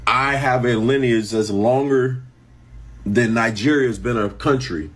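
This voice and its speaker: A man's voice: medium pitch, measured pace. An American man giving an opinion monologue in a lecturing, emphatic, insistent way. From United States.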